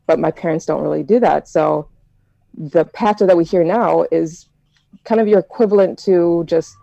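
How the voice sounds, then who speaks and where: A woman's voice: on the low side, normal speed, vocal fry, dark tone, dry recording, muffled recording. An American woman telling stories in a casual group discussion, chatty and reflective with plenty of fillers. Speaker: discussion participant.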